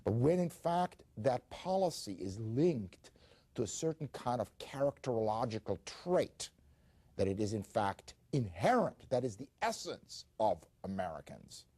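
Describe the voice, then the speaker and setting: A man explaining his views at length in a measured way, with frequent fillers. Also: lowish voice, mellow, slightly rough, no room sound. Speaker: author interviewed. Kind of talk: explanatory talk.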